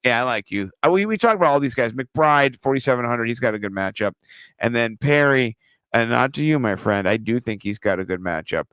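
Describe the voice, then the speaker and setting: Animated, joking man talking fantasy football. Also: medium pitch, fairly quick, clean tone, no echo. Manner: joking, profane, animated banter. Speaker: podcast co-host. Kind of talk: casual fantasy football chat.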